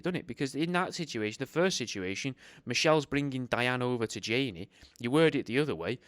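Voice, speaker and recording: Young male host, sarcastic reader who swears freely; smooth voice, dry close recording. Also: mid-range voice, fairly bright tone, no echo. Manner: sarcastic, swears a lot, rambling asides. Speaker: host reading a book aloud. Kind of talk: reading aloud with off-the-cuff commentary.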